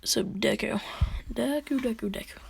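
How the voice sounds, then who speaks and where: A woman casually telling a rambling fan story, dropping into whispers and quick voices for the characters. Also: a little high, gravelly, slight background noise.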